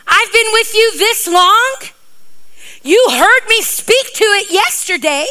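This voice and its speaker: A woman preacher voicing Jesus in a sermon retelling, scolding a doubting disciple in an emphatic, pleading, drawn-out way. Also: very high voice, lively intonation, sharp tone, pitched above the performer's own voice, full character voice. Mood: exasperated. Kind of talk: sermon with acted Bible scene.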